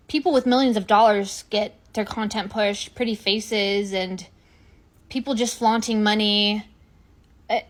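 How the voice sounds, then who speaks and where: A woman in a sarcastic comedic monologue, swinging between whispered asides and loud exasperated outbursts. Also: mid-range voice. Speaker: content creator.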